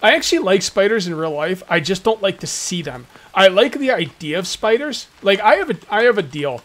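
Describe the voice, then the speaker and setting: A man with a fairly high voice talks through his gameplay in loose, jokey commentary. He rants to his viewers and slips into little mock voices as he goes. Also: animated, a little fast, a bit bright. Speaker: gaming YouTuber. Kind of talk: casual let's-play commentary.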